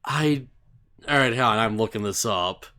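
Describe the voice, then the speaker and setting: Co-hosting an anime podcast, this man recaps episodes in a relaxed, casual chat, chuckling often and tripping over names. His voice sits in the mid range with a sharp tone, and he talks at a moderate pace.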